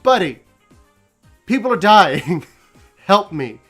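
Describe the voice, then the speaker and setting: A man's voice: sits high, lively intonation, a little fast, a bit bright, faint music behind. A man voicing a panicky young male student mage, nervous and pleading, in a casual retelling.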